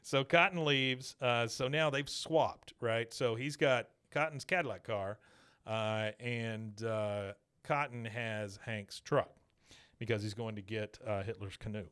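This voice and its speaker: A man's voice: mid-range voice, unhurried, fairly bright tone, clean tone. A man co-hosting a podcast, recapping a cartoon episode in casual chat, laughing often and acting out the characters' lines as he goes. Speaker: podcast co-host.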